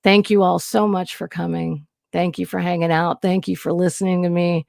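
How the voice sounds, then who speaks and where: A woman's voice: fairly low pitch, little pitch movement, moderate pace, creaky, a little mellow, no echo, studio quality. A woman hosting a casual livestream, talking candidly and rambling, nervous and emotional. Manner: rambling, candid, frequent restarts and swearing. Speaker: livestream host. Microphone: new studio mic.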